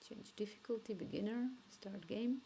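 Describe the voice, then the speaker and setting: A woman streaming herself coding, thinking aloud and dictating requests haltingly into a cheap microphone at home. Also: medium pitch, creaky, warm tone, slight background noise.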